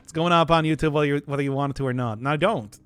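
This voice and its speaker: A man's voice: a little high, fast, clean tone, soft background music. A man streaming a game, giving casual commentary full of giggly, self-deprecating banter with his chat.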